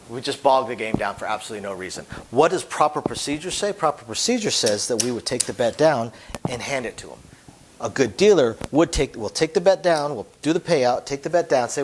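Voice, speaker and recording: A man who deals craps, giving an emphatic instructional talk whose phrases often fade to a quiet drop at the end. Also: medium pitch, expressive, normal speed, slight background noise, rough recording. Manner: emphatic, voice drops off at phrase ends.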